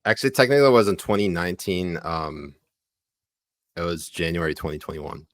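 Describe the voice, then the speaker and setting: Male podcast co-host, low voice, dry close mic, joking banter. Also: lively intonation, fairly quick, no room sound. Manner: joking, laughs often, reads tweets aloud. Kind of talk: casual chat.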